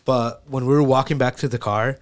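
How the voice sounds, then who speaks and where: A man's voice: mid-range voice, a little fast. A man co-hosting a podcast, casually telling a funny story between laughs. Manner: laughing, animated anecdote with acted quotes. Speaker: podcast co-host.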